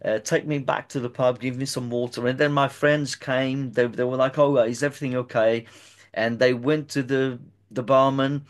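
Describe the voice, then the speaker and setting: A man's voice: mid-range voice, flat delivery, normal speed. A man interviewing a guest and recounting a personal experience at length, often hesitating and repeating words as he talks.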